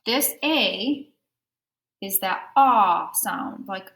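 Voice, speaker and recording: A woman teaching a phonics lesson to young children, with a medium-pitched voice. She explains each step patiently and checks often that the class is following. She talks in an unhurried, friendly classroom way. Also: fairly bright tone, poor audio.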